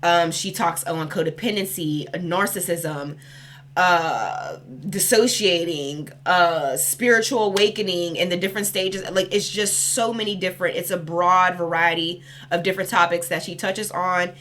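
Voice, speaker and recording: Young woman, spiritual card reader, casual rambling chat, bright tone. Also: lowish voice, unhurried, slight background noise. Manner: chatty, rambling, swearing casually. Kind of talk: casual spiritual reading vlog.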